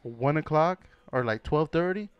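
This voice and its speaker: Young man, podcast co-host, profane storyteller, animated, smooth clear voice. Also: on the high side, normal speed, no echo, muffled recording. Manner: animated, profane, laughs often, acts out voices. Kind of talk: casual storytelling chat.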